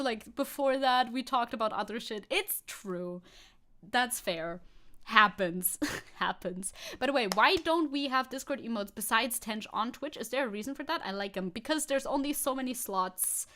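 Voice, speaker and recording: A woman's voice: a little high, a bit bright. A woman hosting a live stream, chatting casually with viewers, rambling, repeating herself and laughing often. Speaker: streamer host.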